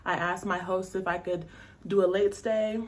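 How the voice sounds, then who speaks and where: A woman's voice: mid-range voice, fairly even intonation, moderate pace, a little mellow. A woman from the United States talking casually to her viewers in a travel vlog, laughing often and using slang. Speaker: travel vlogger.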